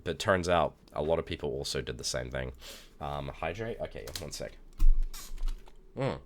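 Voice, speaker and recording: A young man streaming live, chatting casually with viewers, telling rambling stories and bursting out in loud, cursing reactions. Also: extremely low pitch, normal speed, background noise. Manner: animated, with loud cursing outbursts and rambling anecdotes. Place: indoors at a streaming setup.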